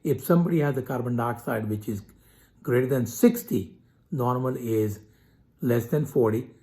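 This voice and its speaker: A man, a physician, giving a measured medical explainer talk and spelling out abbreviations letter by letter. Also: mid-range voice, warm tone.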